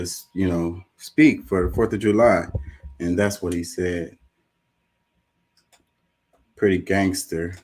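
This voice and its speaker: A man hosts a video and reacts to a clip in a casual, rambling way. His voice sits somewhat low. He talks informally and keeps repeating "you know" as he gathers his thoughts. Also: darkish tone, poor audio. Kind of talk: casual commentary.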